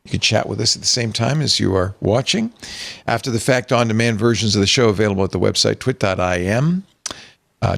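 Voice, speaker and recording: A low, gravelly man hosting a podcast with a jokey, chatty manner. His pitch swings widely as he plugs the show, and the sound is dry and close. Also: fairly quick, a bit bright, no room sound. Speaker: podcast host. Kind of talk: casual podcast chat.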